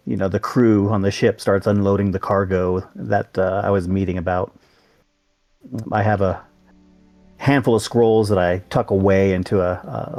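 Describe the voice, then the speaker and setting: Casting: a man with a low voice and a dry, close sound, narrating his character in a tabletop game. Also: darkish tone, dry recording. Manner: hesitant, with many fillers.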